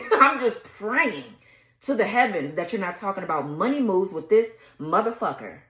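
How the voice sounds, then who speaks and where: A woman's voice: mid-range voice, animated, moderate pace, fairly bright tone. Blunt, cursing woman in an echoey room. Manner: blunt, profane, heated, laughs mid-rant. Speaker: tarot reader. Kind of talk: casual ranting tarot reading.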